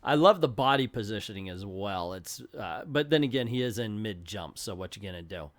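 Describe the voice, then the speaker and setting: A man's voice: on the low side, lively intonation, brisk, no echo. Rambling man reviewing old comics. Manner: rambling, self-deprecating asides.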